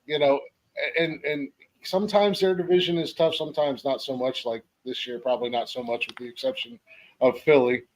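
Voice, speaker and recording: Football podcast host from ohio, laid back, lots of ums, medium voice. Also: male voice, medium pitch, a little fast. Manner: easygoing, many fillers. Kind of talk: casual sports chat.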